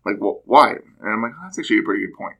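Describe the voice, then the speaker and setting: Man, casual chat, gravelly, bright, lowish voice, animated storyteller. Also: very fast. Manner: animated storytelling, acts out quoted speech.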